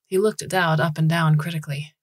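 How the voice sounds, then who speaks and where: A woman reads a story aloud in a measured, even way. Her voice sits low and husky, and the recording is close and dry with no room sound. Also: no echo. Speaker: podcast story narrator. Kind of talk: scripted audiobook narration.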